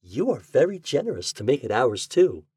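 A man reading aloud voices a polite young wife in a storybook tale, speaking in a soft, gracious way. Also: medium pitch, sing-song, normal speed, breathy edge, dry recording, studio quality, pitched above the performer's own voice.

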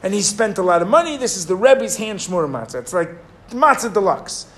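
A man teaching a Torah class, telling a story in an animated, digressive way and acting out the people in it. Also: high voice, brisk. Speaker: rabbi teaching.

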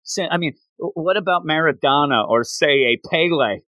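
A man hosting a casual chat recapping an anime, talking in a rambling, animated way and laughing often. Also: a little high, normal speed, no echo, low-quality recording.

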